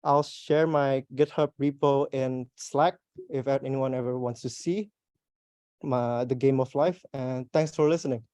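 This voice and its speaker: A young man with an Australian accent gives a meetup talk in a mellow, hesitant voice full of small restarts. The sound is dry and close. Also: mid-range voice, fairly even intonation, a little slow, clear, resonant tone, no room sound. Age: young adult. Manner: hesitant, plain-spoken with restarts and fillers. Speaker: conference speaker.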